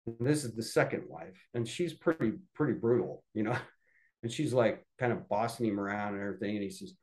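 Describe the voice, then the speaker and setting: A middle-aged man who is a podcast guest, telling family anecdotes casually and lively, acting out other people's voices along the way. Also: fairly low pitch, brisk, low-quality recording. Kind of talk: casual storytelling.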